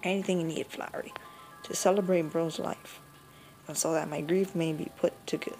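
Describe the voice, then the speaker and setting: A woman's voice: deep voice, steady tone, normal speed, vocal fry, warm tone, soft background music. A woman voicing a folksy, grieving old grandmother from a video game, reading the dialogue in a drawling way. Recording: noisy home recording.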